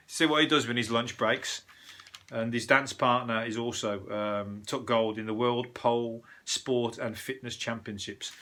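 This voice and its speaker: Man, Birmingham accent, middle-aged, bright forceful tone, rambling sweary podcast chat. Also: medium pitch, slight background noise. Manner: rambling, sweary, laughs at own jokes. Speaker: comedian and podcast host. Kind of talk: casual solo news chat.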